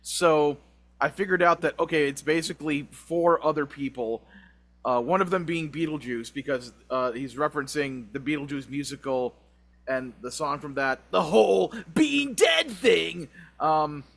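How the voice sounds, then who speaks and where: A man co-hosting a podcast, telling a long story in a rambling, animated way with frequent laughs. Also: fairly high pitch, normal speed. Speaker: podcast co-host. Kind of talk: casual chat.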